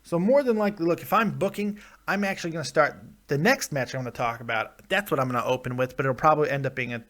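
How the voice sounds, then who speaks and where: A wrestling vlogger hosts a preview stream, rambling and joking as he speaks directly to his viewers in casual live commentary. His voice is on the high side and a bit bright, and he talks fast with hardly any pauses.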